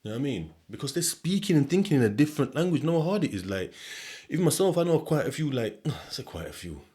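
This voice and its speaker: A man's voice: fairly high pitch, very animated, quick pace, warm tone. A young man with a Sheffield accent, hosting a casual monologue podcast, rambling and swearing freely as he laughs often. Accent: Sheffield English. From England. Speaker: podcast host.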